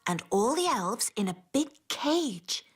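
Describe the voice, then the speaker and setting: A woman's voice: fairly high pitch, very animated, slow, a little hiss or hum. An actress playing a witch in a cartoon, telling a story animatedly and acting out its sounds. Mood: storytelling.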